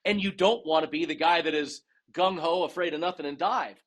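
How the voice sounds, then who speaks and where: A man telling stories as a podcast guest in a casual, animated way, acting out dialogue and often restarting his sentences. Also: fairly high pitch, a little fast. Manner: animated storyteller who acts out dialogue, with frequent restarts. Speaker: guest, retired race car driver and dive master. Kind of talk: casual storytelling interview.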